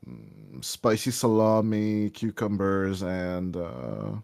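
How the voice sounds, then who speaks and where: A man's voice: sits low, big pitch swings, slow, creaky, darkish tone, no echo. A young man with an American-tinged accent picked up at American schools, chatting casually as a play-by-play caster, rambling and self-deprecating with many restarts. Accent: American-tinged English from American schools. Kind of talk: casual chat between casters.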